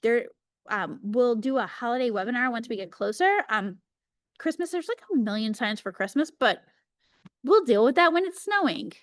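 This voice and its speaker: A woman in her thirties teaching an early childhood workshop over a video call, chatty and energetic, slowing down to demonstrate words. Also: a little high, dry recording, clean studio sound. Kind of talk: teaching a live webinar.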